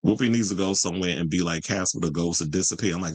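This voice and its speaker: A man's voice: deep voice, fast talker, few pauses, no room sound, rough recording. A man hosting a live-stream commentary show, ranting profanely and arguing straight with his viewers. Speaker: host.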